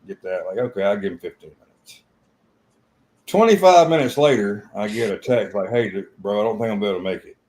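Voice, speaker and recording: A man's voice: lowish voice, animated, fast talker, a little mellow, poor audio. A blunt man co-hosting a live trading stream, chatting casually, swearing freely and retelling stories with quoted lines.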